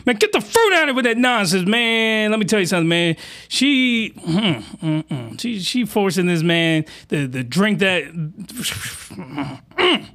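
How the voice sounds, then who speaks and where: A man's voice: high-pitched, big pitch swings, unhurried, a bit bright. A man hosting a crude comedic reaction commentary, talking in rowdy, slangy, exaggerated outbursts. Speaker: commentary host.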